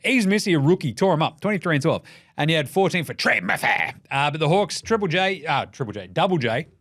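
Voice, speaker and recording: Aussie bloke doing solo hoops chat, all over the place pitch-wise, swears a lot, dead dry room. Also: male voice, dry recording. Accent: Australian. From Australia. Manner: animated, profane, jokey rapid-fire riffing. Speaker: basketball podcast host. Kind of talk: casual solo commentary.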